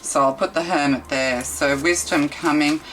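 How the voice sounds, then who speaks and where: Low-voiced woman giving a chatty tarot reading. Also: steady tone, normal speed, fairly bright tone, a little hiss or hum, rough recording. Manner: meandering, chatty, full of fillers and rhetorical questions. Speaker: tarot reader. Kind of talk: casual tarot reading monologue.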